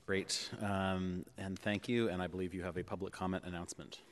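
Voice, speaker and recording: A man's voice: sits low, flat delivery, brisk. A man chairing a public board meeting in a city hall chamber, running procedure with frequent ums and uhs. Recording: echoey chamber with long reverb.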